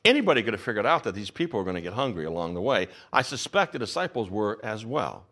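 A man's voice: on the low side, fast talker, few pauses. A man in his fifties preaching a sermon, telling stories and acting out the voices of people in them. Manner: animated storytelling, acts out the voices of people in the story. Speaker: pastor.

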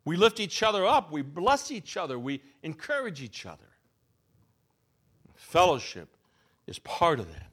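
A male pastor preaching a sermon, telling a story with expressive, rising and falling delivery and slow, emphatic phrases. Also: a little high, slightly rough.

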